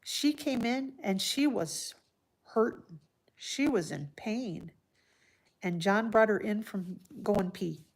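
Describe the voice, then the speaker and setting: A woman hosting a casual livestream from home, chatting softly and heartfelt while answering viewers by name. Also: mid-range voice, animated, slow pace. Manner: soft-spoken and heartfelt. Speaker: livestream host. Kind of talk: casual live-stream chat.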